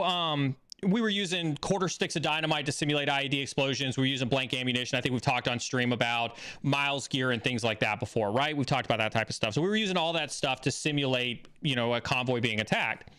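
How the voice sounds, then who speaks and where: A man hosting a live stream, telling a story in a casual, animated way that rises excitedly when he acts out a scene. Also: medium pitch, fairly quick, clean tone. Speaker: stream host.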